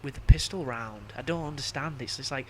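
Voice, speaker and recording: A man's voice: mid-range voice, a little fast, a little mellow, slight background noise. Young guy chatting over a game, swears a lot, rambles off topic, laughs a bunch. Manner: rambling, profane, laughs often. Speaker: gameplay commentator. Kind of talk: casual gameplay commentary.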